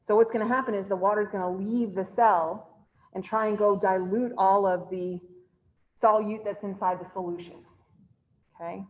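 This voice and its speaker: Chatty woman teaching over a video call. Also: medium pitch. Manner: chatty, asks the class questions and answers them herself. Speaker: chemistry instructor. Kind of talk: online class lecture. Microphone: computer mic on a video call. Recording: slightly dull, lo-fi video-call audio.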